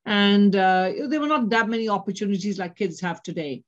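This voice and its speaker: A woman's voice: mid-range voice, brisk, highs cut off. A woman from Kenya, an educator, talking chattily as an interview guest. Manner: chatty, laughs easily. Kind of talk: conversational interview.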